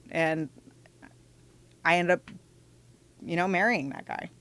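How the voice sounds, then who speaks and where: A woman, a podcast guest, candidly telling her life story in conversation with animated asides and restarts. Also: on the low side, takes it slowly, pauses often, clear, resonant tone.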